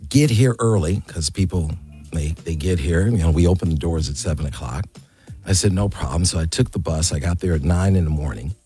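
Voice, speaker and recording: A man in his sixties, an interview guest, telling an animated story and acting out the quotes. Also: sits low, fairly quick, breathy edge, faint music behind. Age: 60s.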